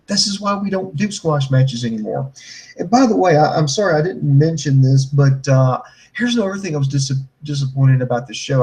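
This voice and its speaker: A man in his forties co-hosting a casual wrestling review chat, rambling and profane, with a fairly high voice. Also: rough recording. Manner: animated, profane, rambling, acts out mocking voices. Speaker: wrestling show co-host.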